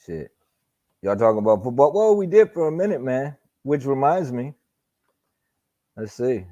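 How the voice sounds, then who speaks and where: A man hosts a live boxing talk stream, talking casually and profanely with plenty of slang and repetition. His mellow, mid-range voice has a sing-song lilt at a moderate pace. The stream audio is dull and lo-fi.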